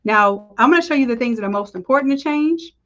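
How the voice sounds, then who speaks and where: A design instructor leads a live screen-share tutorial in a high-pitched, expressive, fast voice with lo-fi sound. She's chatty and upbeat, addressing her viewers as y'all.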